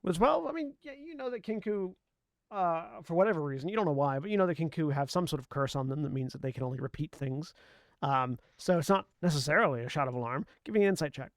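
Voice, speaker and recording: A man's voice: fairly high pitch, animated, fast, no room sound, clean studio sound. A man running a tabletop role-playing game as game master, stammering often with repeated fillers.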